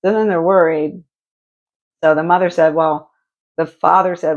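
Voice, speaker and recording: Gravelly woman rambling through a crime story. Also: low voice, steady tone, moderate pace, muffled recording. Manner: rambling, many restarts and fillers. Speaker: streamer. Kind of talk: casual chat retelling a true crime story.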